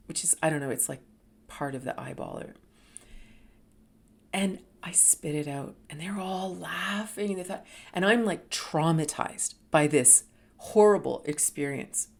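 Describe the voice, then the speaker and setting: Storytelling woman, lower voice. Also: measured pace. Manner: animated, drops to whispers for emphasis. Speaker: host. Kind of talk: personal storytelling.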